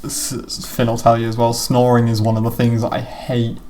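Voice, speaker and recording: A man's voice: mid-range voice, completely flat delivery, a little fast, darkish tone, a little hiss or hum. A man commenting on his own video in a casual chat, rambling and swearing freely.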